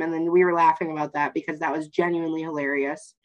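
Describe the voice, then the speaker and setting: A young woman in a casual podcast chat, telling a story with a lot of energy. Her pitch jumps around as she acts out the scenes, and she swears and laughs along the way. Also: fast talker, a bit bright, muffled recording. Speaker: podcast co-host.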